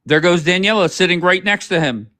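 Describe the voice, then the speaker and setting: This livestream host has a high, bright, forceful voice and speaks briskly and animatedly. He rants over clips, heated and sarcastic, with a lot of profanity.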